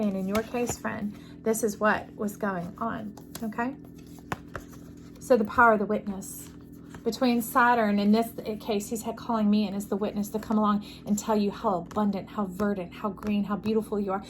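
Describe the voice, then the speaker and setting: A medium-pitched woman speaks at normal speed in a level tone, with slight noise in the background. Facing the camera for a casual intuitive tarot reading, she's gushing and preachy and often checks in with her listener.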